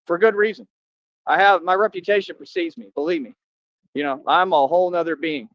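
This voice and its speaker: A man on a live stream rants confrontationally at viewers, scolding and boasting at an online critic and repeating himself. His voice is high and a little fast, and the recording is dull, lo-fi and dry.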